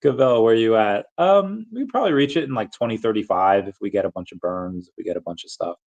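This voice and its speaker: A man's voice: lowish voice, lively intonation, fast, darkish tone, dull audio. A man casually chatting on a livestream, answering chat questions in a rambling, self-interrupting way with frequent chuckles.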